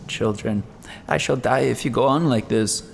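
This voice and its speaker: A man's voice: mid-range voice, normal speed, vocal fry, pitched above the performer's own voice, lightly acted. A man reading the part of a desperate, grief-stricken old father who pleads and rails at himself in an audiobook. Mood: frantic. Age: older. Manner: wailing, pleading, self-reproaching.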